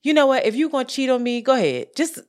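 A woman co-hosting a podcast, talking casually in a profane, animated rant about money and frustration. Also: high voice, fast talker. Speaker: podcast co-host. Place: lives in Brooklyn.

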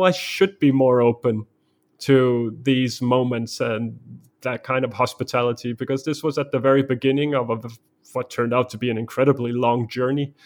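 A man from Denmark, a guest in a conversation, telling a story vividly in the present tense. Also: mid-range voice.

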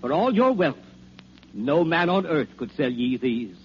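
Brief: old, persuasive Santa, lively, raised pitch, lo-fi radio drama sound. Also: male voice, a little slow. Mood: wistful. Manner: calm, coaxing rhyming verse. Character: jolly, patient, persuasive old Santa Claus. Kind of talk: 1940s radio acting. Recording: dull, faintly hissy old radio recording.

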